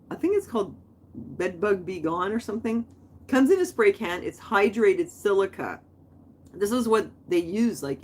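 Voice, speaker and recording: A woman's voice: medium pitch, slight background noise. A middle-aged woman hosting a livestream, talking in a rambling, chatty way, full of "like.". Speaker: livestream host. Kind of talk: casual chat.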